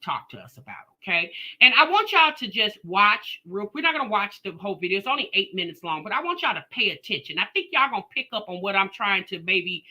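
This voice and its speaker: Animated sassy woman live-streaming. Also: lowish voice. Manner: animated, sassy, talks straight to her chat. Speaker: live-stream commentary host. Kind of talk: casual reaction live stream.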